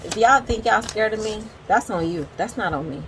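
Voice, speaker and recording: A woman's voice: mid-range voice, moderate pace, a bit bright, slight background noise, poor audio. Candid, chatty woman in her forties. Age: 40s. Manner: chatty and candid, talks straight to viewers. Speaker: teacher and book vlogger. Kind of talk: casual vlog reading quotes with commentary.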